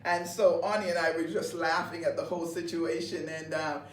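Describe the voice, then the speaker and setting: A woman pastor co-hosting a ministry broadcast, telling stories in a lively way, laughing often and repeating her words. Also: on the low side, a little fast. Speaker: pastor and co-host. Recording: roomy, distant mic with faint background noise.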